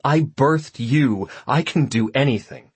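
A man's voice: medium pitch, unhurried, breathy edge, no room sound. A man voicing a playful, teasing mother in an audiobook.

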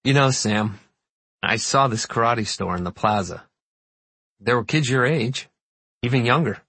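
Man reading as a middle-aged dad in an audiobook, loud and upset, husky edge, dry sound. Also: mid-range voice, unhurried, dry recording, heavily acted. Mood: gentle. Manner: loud, shouting, then gentle. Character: angry shouting middle-aged father. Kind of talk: audiobook character voice.

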